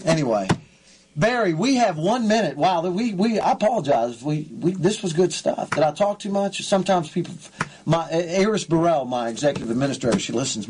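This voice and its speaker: A male talk show host speaking fervently and excitably, often repeating himself. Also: fairly high pitch, a little fast, background noise. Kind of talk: emotional radio interview.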